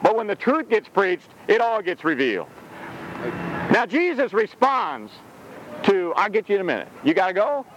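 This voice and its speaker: A man preaching a sermon outdoors in a rhetorical, animated way, laughing between his points. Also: high-pitched, moderate pace, lo-fi sound, background noise.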